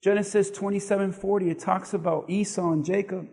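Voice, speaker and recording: A pastor giving an animated, emphatic sermon, building intensity through repetition. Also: male voice, sits high, fairly quick, breathy edge, big-room sound.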